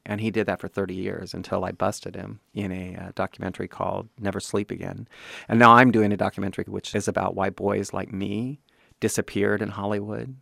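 A man's voice: on the low side, level tone, moderate pace, vocal fry, a bit bright, no room sound, clean studio sound. A man in his fifties from Kansas City, an actor giving a candid, emphatic interview and acting out the voices he quotes. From Kansas City, USA.

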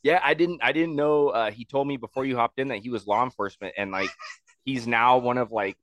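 A man hosts a loose podcast chat, swearing freely and getting worked up as he tells stories. His voice sits in a middling pitch and sounds dry and close to the mic. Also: a little fast, no echo. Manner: animated, swears constantly, excitable storytelling. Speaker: podcast host. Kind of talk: casual profane podcast chat.

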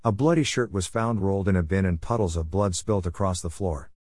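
A man reads a story aloud in a steady, plain way. His voice sits low, and the recording is close and very dry, with no room sound. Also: a little fast, no echo. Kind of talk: storytelling narration.

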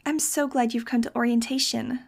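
An eerily sweet teenage girl recruits for a cult, her bright voice pushing hard to win a new member, as a woman puts her on. She speaks well above the reader's usual pitch, with a gravelly grain underneath. It is a storybook reading. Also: fairly even intonation, normal speed. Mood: eerily cheerful. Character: creepily cheerful teen girl cult recruiter.

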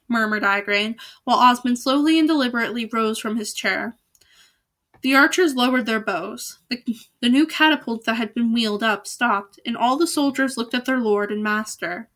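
Woman reading a novel out loud, casual, trips on words now and then, bright and kinda high. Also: moderate pace. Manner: casual, with small slips and restarts. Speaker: reader.

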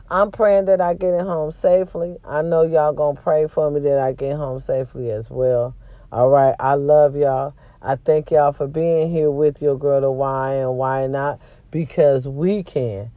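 A woman's voice: low voice, fairly even intonation, measured pace, no room sound, phone-quality sound. Profane woman venting with a sore throat. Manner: blunt and profane, swings between loud and quiet. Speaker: vlog host. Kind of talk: casual venting monologue to viewers.

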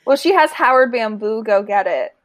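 A woman's voice: a little high, lively intonation, moderate pace, no echo. A woman co-hosting a casual chat, agreeable and filling in details, tired and yawning. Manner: agreeable, fills in show details. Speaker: podcast co-host.

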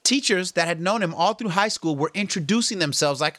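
A man with a slightly raised speaking pitch gives an earnest, slangy pep talk about getting healthy. He coaches directly and keeps it casual. The sound is dry and close, with no room echo. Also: fairly quick. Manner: earnest, coaching, slangy, animated when quoting others. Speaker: fitness and health vlogger. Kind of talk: casual motivational talk to camera.

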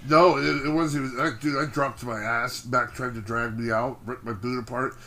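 A man's voice: medium pitch, steady tone, moderate pace, sharp tone. A man co-hosting a casual podcast, telling rambling, exasperated stories about wrestling. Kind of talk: casual chat.

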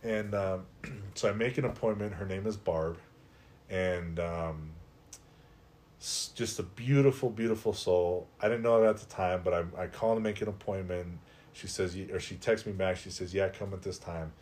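A middle-aged man with a somewhat low voice tells his own story as a podcast guest. He talks in a casual, animated way, with frequent "like"s, and his voice rises when he acts out his own doubts. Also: normal speed. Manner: animated, conversational, heavy use of "like". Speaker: podcast guest, life coach. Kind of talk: personal storytelling in a podcast interview.

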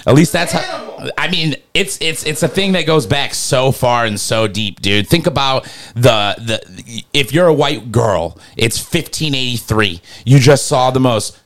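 A man's voice: medium pitch, a little slow, fairly bright tone. A man co-hosting a casual podcast, joking and riffing in slangy talk. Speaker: podcast co-host. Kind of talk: casual chat.

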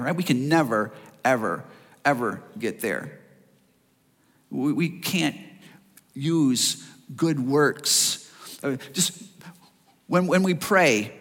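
A male pastor preaching a sermon, animated, acting out the voices of people in the story. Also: medium pitch. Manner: animated preaching, acts out voices of listeners and Jesus. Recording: long reverb of a church hall.

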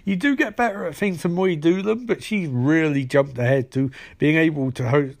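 Guy rambling thru a tv recap, snarky, voice kinda on the high side. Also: moderate pace, creaky, dry recording. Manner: rambling, sarcastic, acts out the characters' lines. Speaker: TV episode recapper. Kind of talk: casual spoken recap.

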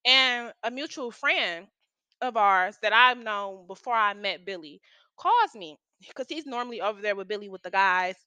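A woman's voice: medium pitch, expressive, moderate pace, pushed and bright, smooth, no echo. A young woman telling a story in a casual vlog, with lots of slang and profanity. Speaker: storytime vlogger.

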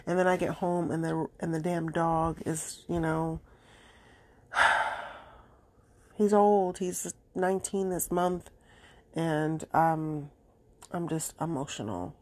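A young adult woman hosting a solo podcast, talking casually, bluntly and emotionally, swearing freely. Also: lowish voice. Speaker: podcast host.

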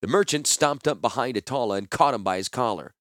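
A man narrating a fantasy novel chapter in an expressive storytelling manner. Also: medium pitch, a little fast, dry recording, clean studio sound. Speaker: audiobook narrator.

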